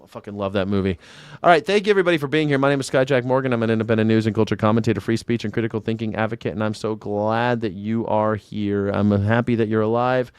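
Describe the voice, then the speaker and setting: A man's voice: lowish voice, clean tone, no echo, studio quality. A man doing casual livestream commentary, rambling and profane as he answers viewers by name. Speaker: independent news and culture commentator. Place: home in Southern California.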